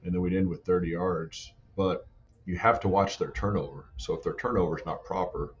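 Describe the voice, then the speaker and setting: A man's voice: sits low, brisk, muffled recording. A man who coaches football strength and conditioning, telling training stories in a casual chat full of "like" and "you know". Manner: animated storytelling, many "like" and "you know" fillers. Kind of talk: casual podcast conversation.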